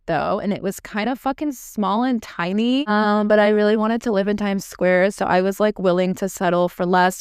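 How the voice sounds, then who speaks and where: Podcast host, woman, very smooth clear voice, dry close sound, chatty and profane. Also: mid-range voice, no echo. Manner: chatty, swears freely, lots of "like" fillers. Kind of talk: casual storytelling monologue.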